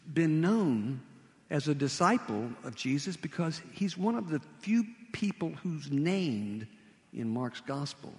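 An animated male preacher tells a story at a slow, deliberate pace. His voice rises and falls freely over a fairly high register. A long hall reverb trails each phrase. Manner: animated storytelling with vivid retelling. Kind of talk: sermon.

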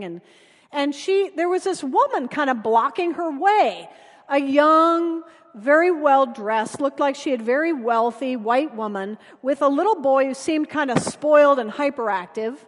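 A woman preacher tells stories in a sermon, earnest and often dropping soft for emphasis. Her voice sits high. A long reverb fills the church around her. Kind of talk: sermon with storytelling.

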